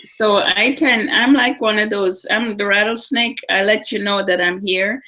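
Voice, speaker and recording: A middle-aged woman co-hosting a live psychic talk show, telling personal stories in a lively, animated way. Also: medium pitch, measured pace. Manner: storytelling, animated, acts out voices in anecdotes. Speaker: psychic co-host. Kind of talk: casual chat on a live show.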